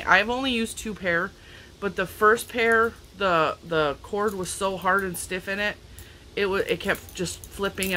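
A woman's voice: medium pitch, pushed and bright, slight background noise, rough recording. A woman crafting vlogger chatting casually and emotionally in a back yard, laughing often and getting teary. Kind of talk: casual chat.

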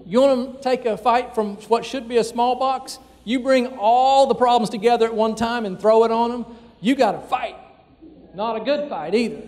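High-voiced pastor preaching in a hall. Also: male voice, darkish tone. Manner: conversational preaching with frequent fillers. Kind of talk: sermon. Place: church sanctuary. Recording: long church hall reverb.

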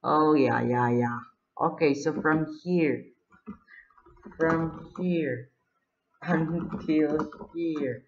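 A gamer giving live gameplay commentary, excitable, full of exclamations and frustrated groans. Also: medium pitch, very slow, gravelly, pauses often, a little hiss or hum. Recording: dull lo-fi recording.

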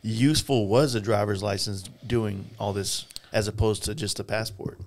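A man's voice: fairly low pitch, moderate pace, slight background noise. A man hosting a podcast, dropping in short questions and reactions during a casual chat. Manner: brief interjections and questions. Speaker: podcast host.

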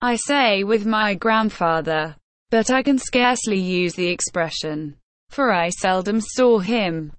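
A woman voicing a pale, resolute young woman in an audiobook, speaking in a clear and firm way. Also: mid-range voice, lively intonation, a little slow, no room sound, close to an everyday voice.

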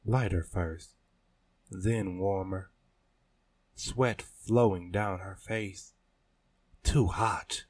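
A man narrating a story in a measured, deliberate reading style. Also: low voice, a little mellow, dry recording. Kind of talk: scripted audiobook narration.

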